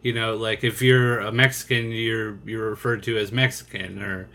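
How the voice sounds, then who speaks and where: Podcast host guy, bright voice, rambly questions, swears a bit. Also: fairly low pitch, flat delivery, moderate pace, vocal fry. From United States. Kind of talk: casual podcast interview.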